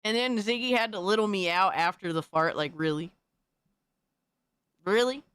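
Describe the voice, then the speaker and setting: A streamer hosts a laid-back live session, responding to viewer clips with fake indignation, plenty of cursing, slang asides and "bro" for everybody. Her medium-pitched voice has lively intonation and a slightly bright, clean tone, at normal speed with no room sound.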